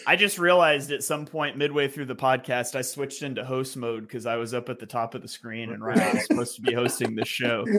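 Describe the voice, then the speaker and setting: A man's voice: mid-range voice, steady tone, fairly quick, hardly any pauses, a bit bright. A man hosting a casual sports podcast panel over a remote call, laughing often and steering the talk. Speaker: podcast host.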